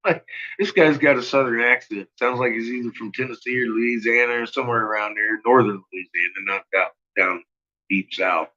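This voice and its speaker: Husky guy on a dull lo-fi stream, rambling and cussing and laughing a lot. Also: mid-range voice, a little fast, sharp tone. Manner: rambling, profane, laughs often. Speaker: channel host. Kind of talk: casual livestream chat.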